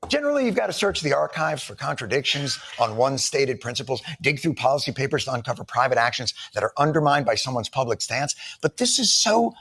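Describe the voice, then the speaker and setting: Gravelly husky tv host guy, sardonic, played clip. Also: mid-range voice, very animated, fast, hardly any pauses, a bit bright. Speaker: late-night host.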